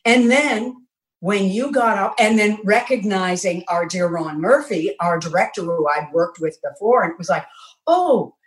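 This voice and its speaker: A woman's voice: mid-range voice, moderate pace, roomy sound, low-quality recording. A woman, a guest actress telling an audition story in an effusive, emotional way, talking from her home kitchen. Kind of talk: casual interview chat.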